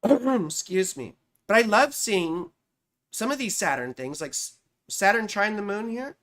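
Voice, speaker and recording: A woman's voice: medium pitch, expressive, measured pace, fairly bright tone. Chatty, swearing woman astrologer. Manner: chatty, profane, talks back to chat. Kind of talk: casual live-stream astrology reading.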